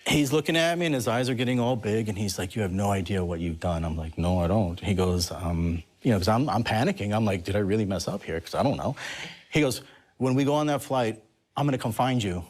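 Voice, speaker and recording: Low-voiced man telling a story. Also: a little fast. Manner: animated, laughs while telling a story. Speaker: guest. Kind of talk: storytelling on a talk show.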